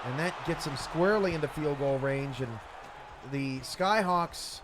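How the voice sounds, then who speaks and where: Excitable higher-voiced play-by-play man. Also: very noisy. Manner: rapid play calls, rising to shouts on big plays. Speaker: play-by-play commentator. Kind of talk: esports football commentary.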